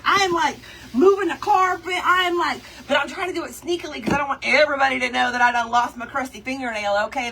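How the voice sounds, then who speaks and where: Animated chatty woman, bright voice. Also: sits high, far from the mic, slight background noise. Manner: animated, chatty, addresses viewers as y'all and girl. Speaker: craft livestream host. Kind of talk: casual storytelling chat with viewers.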